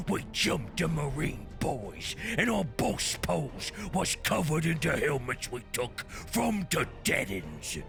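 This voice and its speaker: Brutish male orc warlord: gravelly growl, slow boast, lively swings in pitch. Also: heavily acted. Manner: slow, boastful war speech. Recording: music playing behind the voice.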